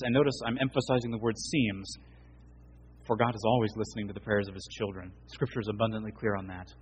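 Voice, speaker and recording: A man preaching an earnest sermon as pastor, his voice swelling for emphasis and dropping low and soft. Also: a little hiss or hum, low-quality recording.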